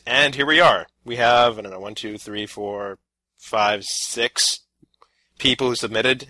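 A man's voice: medium pitch, sharp tone, dry recording, poor audio. A man hosting a casual podcast, rambling loosely and laughing easily. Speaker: podcast host.

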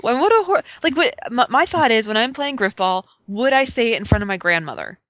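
A woman's voice: a little high, expressive, brisk, fairly bright tone, dry recording. A woman co-hosting a casual gaming chat, talking animatedly and laughing often. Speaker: podcast co-host. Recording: dull lo-fi sound.

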